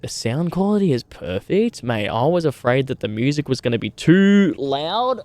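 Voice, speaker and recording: Laid-back Australian bloke, lively pitch. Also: male voice, normal speed, dry recording. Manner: laid-back and matey, swears often, calls people mate. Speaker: streamer. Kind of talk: casual livestream chat with viewers. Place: outdoors by a campfire at home.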